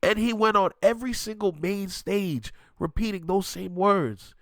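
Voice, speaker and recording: A man's voice: high voice, measured pace, a bit bright, dry recording, clean studio sound. A man hosting a music reaction video, ranting emphatically and in disbelief as he gives his take.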